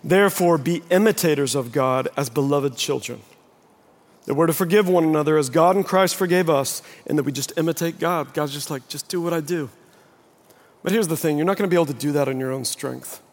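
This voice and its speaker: Man preaching in a reverberant hall. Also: brisk. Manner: animated storytelling, acts out quoted voices; prays in a soft, low voice. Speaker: pastor. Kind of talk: sermon. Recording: long reverb from a large hall.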